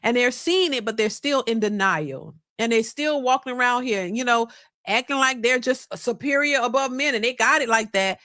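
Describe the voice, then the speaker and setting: A woman's voice: fairly high pitch, expressive, moderate pace, a bit bright, no echo. Emphatic woman reaction host, dry sound. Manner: emphatic, repetitive, rhetorical questions. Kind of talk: opinionated commentary.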